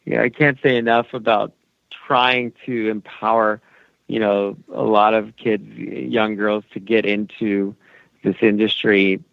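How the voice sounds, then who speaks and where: A man's voice: lowish voice, level tone, unhurried, vocal fry, no echo, lo-fi sound. A man being interviewed as an animation producer, rambling and friendly with many fillers. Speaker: animation executive producer, guest. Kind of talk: casual podcast interview.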